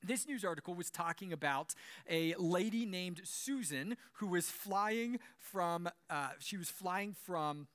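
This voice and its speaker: Man, young pastor, sermon, animated storytelling, fairly high voice, forceful. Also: a little slow. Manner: animated storytelling with big swings in loudness and occasional chuckles.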